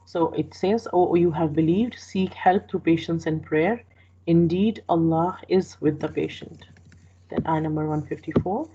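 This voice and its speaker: Low, dark-voiced woman teaching word by word. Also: slight background noise. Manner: slow, explanatory, repeats each phrase with restarts. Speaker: Quran teacher. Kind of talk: word-by-word verse translation lesson. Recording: dull lo-fi recording.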